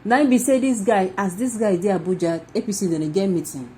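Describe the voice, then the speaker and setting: A Nigerian woman giving opinionated news commentary, animated, firing off rhetorical questions and slipping into Pidgin. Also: medium pitch, a little fast, rough recording.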